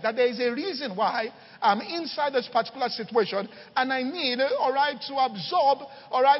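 A man's voice: very high voice, big-room sound, muffled recording. A male pastor preaching a sermon, telling stories and often checking in with "all right" and "okay".

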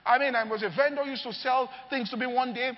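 High-voiced preacher in an echoing hall. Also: male voice, fast. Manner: animated storytelling, often asks the crowd if they follow. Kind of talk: sermon. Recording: long hall reverb, dull lo-fi sound.

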